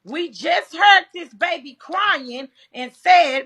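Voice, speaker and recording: Woman livestreamer, high-pitched, bright sharp tone, slow drawn-out delivery, profane and heated. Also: expressive. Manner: loud, profane and heated, addressing viewers. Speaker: livestream host. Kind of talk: casual livestream commentary.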